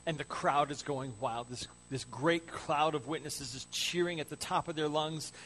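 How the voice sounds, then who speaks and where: A man preaching a sermon as a pastor, building to loud excitement and then dropping to hushed, soft tones. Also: fairly high pitch, normal speed, hardly any pauses, a little hiss or hum.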